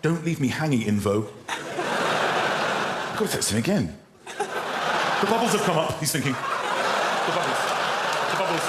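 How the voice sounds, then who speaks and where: A man hosting a comedy show, reading texts aloud in an animated, teasing way, often exclaiming. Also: on the high side, normal speed, pauses often, heavy background noise. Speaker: host. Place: TV studio with live audience. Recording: roomy studio with loud audience laughter.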